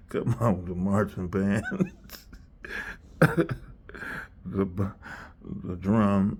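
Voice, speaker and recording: A man's voice: lowish voice, big pitch swings, slow, creaky, long pauses, mellow, slightly rough. A man chatting casually and rambling, laughing often and sometimes dropping to a whisper.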